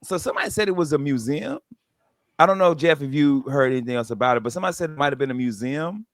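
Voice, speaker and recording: A man's voice: a little high, quick pace, no echo, clean studio sound. A male radio comedy host chatting casually on air, loose and slangy with some stumbling. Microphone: studio microphone.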